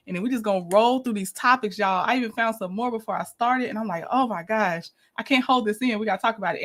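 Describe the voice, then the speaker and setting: A woman's voice: fairly high pitch, fairly bright tone. Giggly livestream host woman. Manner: chatty, giggly, greets viewers by name. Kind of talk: casual livestream chat.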